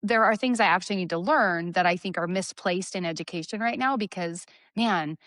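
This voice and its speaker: A woman's voice: lowish voice, fairly bright tone, dry recording. Woman, 40s, podcast co-host, emphatic casual chat, dry close mic. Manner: emphatic, quick asides. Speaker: podcast co-host, personal trainer.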